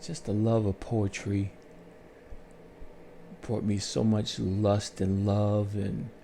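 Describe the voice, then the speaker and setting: Calm, gravelly-voiced man telling his story. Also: fairly low pitch, a little hiss or hum. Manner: calm, soothing, unhurried talk with pauses. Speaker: channel host telling his life story. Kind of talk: slow reflective storytelling.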